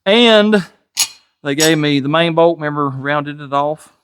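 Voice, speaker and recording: This fairly high-pitched man speaks at a measured pace with background noise behind him. He's the Tennessee host of a garage channel, chatting casually from his home workshop in a Southern accent, folksy and quick to chuckle at himself.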